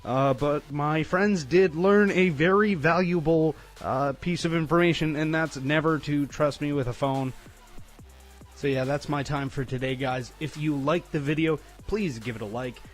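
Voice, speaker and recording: A man's voice: fairly high pitch, normal speed, faint music behind. A young man from Canada telling a story to his viewers, rambling with lots of fillers and frequent laughter. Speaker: storytime vlogger. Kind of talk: casual storytelling.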